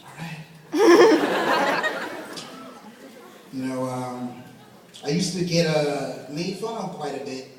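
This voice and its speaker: A man's voice: medium pitch, slow pace, long pauses, darkish tone. A young man doing a stand-up comedy set at a talent show, rambling and self-deprecating, often laughing at his own jokes. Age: young adult. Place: large hall at a talent show. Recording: echoey hall recorded from far off, with crowd noise. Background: audience laughing and cheering.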